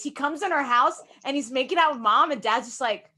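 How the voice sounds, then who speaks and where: A young woman co-hosting a podcast in casual chat, excitable, swearing and laughing often. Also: high-pitched, brisk. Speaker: podcast co-host.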